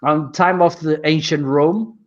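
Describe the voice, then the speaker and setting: A man's voice: a little high, fairly even intonation, unhurried. Hesitant man from Portugal, muffled audio. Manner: searches for words, hesitant, many restarts. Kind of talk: casual group chat on a video call.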